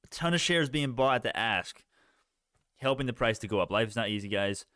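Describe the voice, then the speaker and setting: A man's voice: medium pitch, expressive, normal speed, bright, forceful tone, clear, resonant tone, no echo, studio quality. A young man hosting a casual stock live stream, rambling, reading the chat and restarting sentences.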